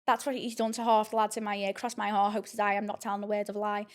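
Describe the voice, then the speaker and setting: A young woman rattles through a story at a quick pace on her podcast. She keeps it frank and rambling, full of swearing and fillers, at a middling pitch. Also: little pitch movement. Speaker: podcast host.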